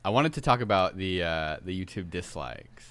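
Very deep-voiced man chatting loosely. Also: animated, normal speed, fairly bright tone, clean tone, no echo. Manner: rambling, laughs often, trails off into mumbles. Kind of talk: casual chat.

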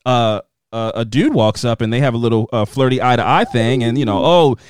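A man's voice: medium pitch, brisk, smooth, no room sound, studio quality. A man co-hosting a podcast, recapping a TV show in casual chat, sarcastic and laughing often as he acts out quotes. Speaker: podcast co-host.

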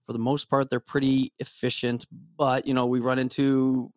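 A man's voice: mid-range voice, level tone, moderate pace, no echo, clean studio sound. A man in his forties, a podcast guest, talking casually in a rambling way with many restarts. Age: 40s.

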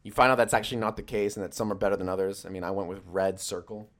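A young man in a relaxed stream chat, his voice sitting a little low. He talks loosely and jokes around, swearing freely and drifting from one thought to the next with plenty of fillers. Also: rapid-fire. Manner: profane, loose and joking, with many fillers. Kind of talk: casual rambling chat.

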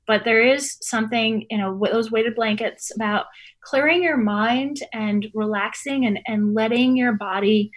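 A woman's voice: a little high, moderate pace. A woman in her forties, a sleep scientist guest, talking in a chatty, easygoing way in an interview. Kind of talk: casual interview talk.

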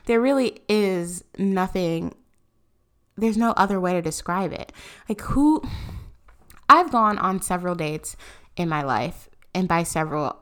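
A woman's voice: fairly low pitch, unhurried. A young woman in her twenties hosting a solo podcast, ranting with sarcasm and disbelief. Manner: sarcastic, incredulous, animated. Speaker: podcast host.

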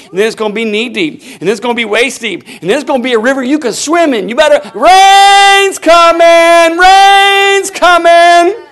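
High-voiced preacher man. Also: creaky. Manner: preaching with sudden loud bursts; call-and-response with the congregation. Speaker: pastor. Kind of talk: sermon.

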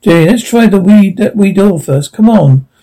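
A man voicing a bold young Scottish highlander, urgent and determined. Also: animated, normal speed, mellow, rough recording.

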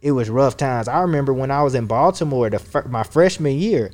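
A man's voice: mid-range voice, fairly quick, a little mellow. A man from Georgia with a Southern accent, a guest casually telling stories in a slangy, laid-back way. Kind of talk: casual conversational storytelling.

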